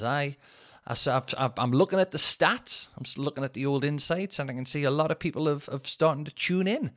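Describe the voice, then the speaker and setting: A man chats alone into his podcast mic, sweary and animated. He rants with a lively voice that jumps up in pitch and loudness whenever something annoys him. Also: fairly quick. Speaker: podcast host. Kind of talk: casual solo chat. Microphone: headphones in, home podcast mic.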